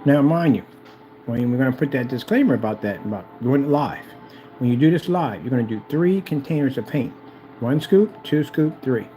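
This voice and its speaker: A man talking casually and repetitively, hyping himself up while reading instructions aloud haltingly. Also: medium pitch, animated, warm tone, soft background music, low-quality recording. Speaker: DIY projector screen vlogger. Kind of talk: casual self-recorded commentary.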